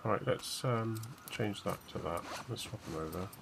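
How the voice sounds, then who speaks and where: Speaking at a moderate pace in a lowish voice with vocal fry, a British streamer chats to himself during a let's play and reads in-game journal notes aloud. There's noise in the background.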